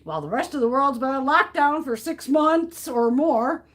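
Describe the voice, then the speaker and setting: A woman's voice: sits high, moderate pace, a bit bright. A middle-aged American woman hosting a makeup livestream, chatting casually and ranting bluntly with plenty of swearing. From United States. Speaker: beauty livestream host. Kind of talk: casual chat while depotting makeup.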